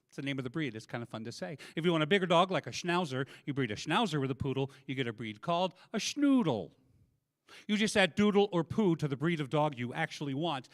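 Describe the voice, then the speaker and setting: A man runs a stand-up set, chatting with audience members and dropping deadpan punchlines. His voice is bright and sits a little high, and it is recorded dry and close on a handheld mic. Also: dry recording. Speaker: stand-up comedian. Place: convention comedy room.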